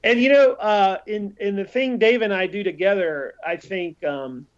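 A man in casual conversation, talking in a halting, thoughtful way and repeating his words. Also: sits high. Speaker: podcast co-host. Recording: dull lo-fi audio.

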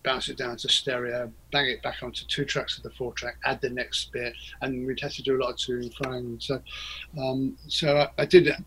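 A man's voice: medium pitch, flat delivery, moderate pace, a bit bright, a little hiss or hum, low-quality recording. A man, a guest in a casual interview, talking in a rambling, hesitant way with many fillers and restarts. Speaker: interview guest, record producer.

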